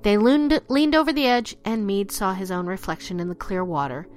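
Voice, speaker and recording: A woman narrating a ghost story in an expressive, dramatic way, dropping low and slowing down for the eerie parts. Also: soft background music. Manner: expressive, drops low and slows for spooky lines.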